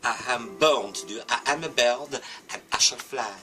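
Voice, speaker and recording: A man's voice: mid-range voice, moderate pace, music in the background, close to an everyday voice. Man putting on a chirpy French bird. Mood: determined. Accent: put-on French. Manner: grandly determined, self-pep-talking. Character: cheerful male French bird with stumpy wings. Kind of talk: comic storytelling with a toy.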